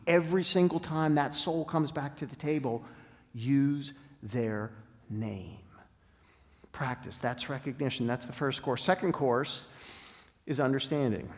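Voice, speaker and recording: A middle-aged man speaks to a congregation in a big hall, his voice trailing off in a long reverb. He tells stories at a medium pitch, pausing for effect and drawing out key words. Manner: storytelling, dramatic pauses, slows down for emphasis. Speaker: guest speaker. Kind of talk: inspirational talk. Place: large spiritual center hall.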